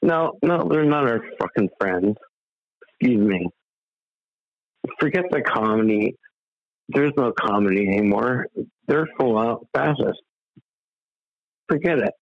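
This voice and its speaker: A man calling in to a talk show, rambling and halting, swearing as he rants. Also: lowish voice, animated, no echo, highs cut off. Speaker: caller. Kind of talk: casual call-in talk.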